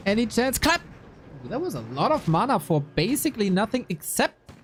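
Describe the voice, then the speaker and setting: A man giving playful live commentary on a strategy game match, with quick asides. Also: high-pitched, sing-song, slight background noise. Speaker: esports commentator.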